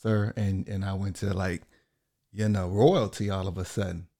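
A man's voice: low voice, steady tone, moderate pace, gravelly, mellow. A man co-hosting a relationship podcast, talking loosely and thinking aloud with plenty of fillers and restarts. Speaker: podcast co-host. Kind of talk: casual conversation on marriage.

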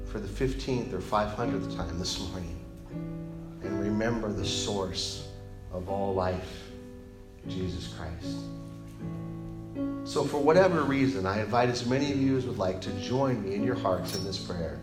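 A man's voice: on the low side, over loud music. Male pastor preaching in an echoey hall. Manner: rises to loud emphatic peaks, then drops to soft, slow invitation; asks the congregation directly. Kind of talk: sermon. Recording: roomy, echoey hall sound.

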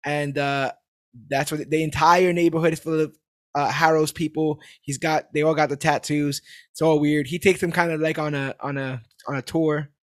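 A man's voice: a little high, little pitch movement, normal speed, no room sound, studio quality. A man casually recapping a TV episode on a podcast, acting out the characters' lines and laughing as he goes. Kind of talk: casual chat.

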